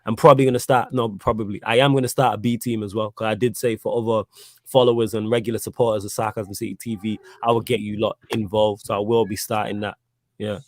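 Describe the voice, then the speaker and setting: A young man with a Manchester accent, co-hosting a casual live-stream chat full of slang and shout-outs. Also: lowish voice, little pitch movement, quick pace, no echo, clean studio sound. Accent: South East Manchester. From England. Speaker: co-host.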